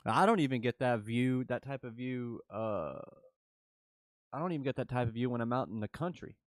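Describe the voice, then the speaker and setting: A man on a casual call, telling a relaxed story and laughing easily. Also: medium pitch, normal speed, dry recording, studio quality. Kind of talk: casual chat. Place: home, with kids in the house.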